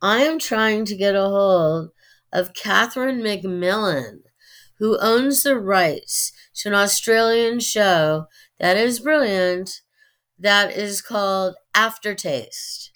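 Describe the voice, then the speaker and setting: A middle-aged woman with a Californian Valley accent, talking earnestly as an interview guest, with many pauses and fillers. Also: medium pitch, a bit bright. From United States. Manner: earnest, opinionated, halting with fillers. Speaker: guest, actress and writer. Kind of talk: interview conversation.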